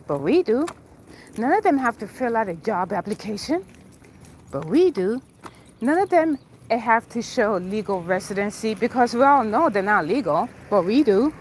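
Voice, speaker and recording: There's a little hiss or hum as a middle-aged woman with a fairly high voice rambles on her outdoor livestream. She walks city streets, talks to viewers by name, and jumps between opinions.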